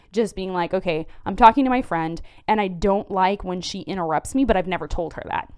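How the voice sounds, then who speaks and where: Frank woman with a smooth voice. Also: mid-range voice. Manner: frank, conversational, repeats herself for emphasis. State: tired. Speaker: podcast host. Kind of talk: casual advice podcast.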